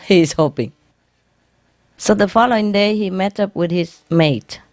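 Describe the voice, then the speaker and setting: A woman's voice: medium pitch, slow pace, a little mellow, no echo, clean studio sound. A woman, a spiritual teacher, telling jokes to an audience in simple English, laughing at her own punchlines and explaining them afterwards.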